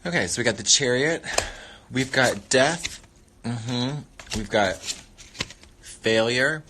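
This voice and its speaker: A man's voice: mid-range voice, slow pace, background noise. A man hosting a casual livestream, chatting playfully while he eats and rambling between muttered catchphrases. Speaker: livestream host.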